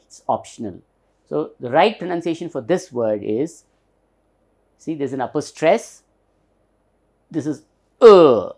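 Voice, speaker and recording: A man with an Indian English accent teaching a lesson, slowly repeating and stressing the example words. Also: a little high, a little mellow. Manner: slow, repeats example words several times; stretches and stresses the demonstrated words. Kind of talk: recorded classroom lesson.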